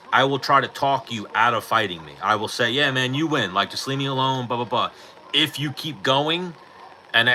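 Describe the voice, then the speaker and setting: Bright-voiced man telling fight stories. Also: mid-range voice, a little hiss or hum, rough recording. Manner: animated storytelling, swears freely, acts out quotes. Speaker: livestream host. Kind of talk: casual livestream chat. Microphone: personal mic.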